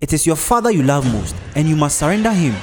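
A man's voice: on the high side, sing-song, quick pace, background noise, voice pushed up. A man doing a stern cult sorcerer. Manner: stern, commanding.

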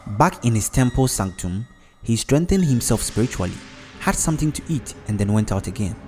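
A man narrating a story in a measured, even delivery. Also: medium pitch, soft background music. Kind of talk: storybook narration with character voices.

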